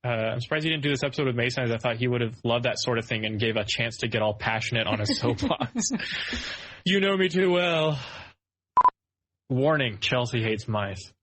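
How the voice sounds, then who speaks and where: A man's voice: mid-range voice, fast, few pauses, a bit bright, low-quality recording. A man co-hosting a podcast who chats casually in a playful, jokey way. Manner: playful, jokey, does silly voices. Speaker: podcast co-host.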